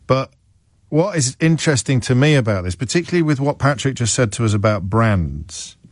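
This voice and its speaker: Wry talk-radio host, dry studio. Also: male voice, mid-range voice, lively intonation, a little fast, dry recording. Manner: musing, self-questioning, wry. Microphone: studio microphone.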